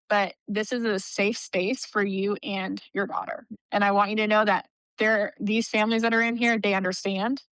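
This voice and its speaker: A woman in her thirties with a bright, sharp voice that comes through smooth and crisp. She's a podcast guest telling stories in a chatty way, full of "like", laughing between lines. The sound is dry and close. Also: mid-range voice, no echo, low-quality recording. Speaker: nonprofit CEO, podcast guest. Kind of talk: casual interview storytelling.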